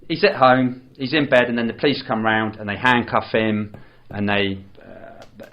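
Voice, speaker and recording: A man's voice: lowish voice, steady tone, moderate pace, lo-fi sound. A man, co-hosting a podcast and retelling a film plot in a rambling, casual way with lots of restarts. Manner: rambling, with many restarts and fillers. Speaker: podcast co-host.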